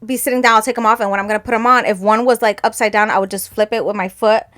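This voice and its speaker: In relaxed podcast chat, this female co-host wanders through tales about her family, laughing a lot and voicing her relatives' words. She speaks very fast in a mid-range, fairly bright voice with a steady tone.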